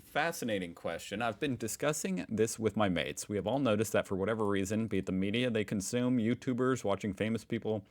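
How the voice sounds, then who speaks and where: A man's voice: on the low side, a bit bright. An American man hosting a reaction video, reading posts aloud and reacting in a chatty, joking way. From United States. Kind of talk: casual reaction commentary.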